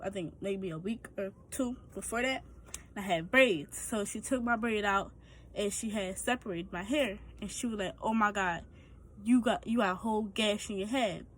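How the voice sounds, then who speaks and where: A woman's voice: on the high side, slight background noise. A young woman vlogger, telling a rambling story full of fillers and acted-out quotes. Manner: rambling, lots of fillers, acts out quoted voices. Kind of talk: casual storytime.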